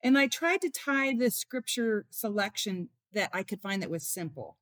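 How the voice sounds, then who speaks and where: A woman in an interview, talking at a middle pitch in an earnest, heartfelt way. She tells her stories by bringing in what others said, and her voice sounds close and dry with no room around it. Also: animated, moderate pace, no room sound. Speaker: author and mother, interview guest.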